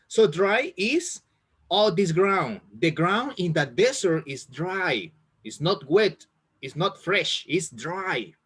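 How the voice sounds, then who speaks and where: A man teaching an English reading class over a video call, speaking slowly and repeating words to encourage his students. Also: a little high, slightly rough.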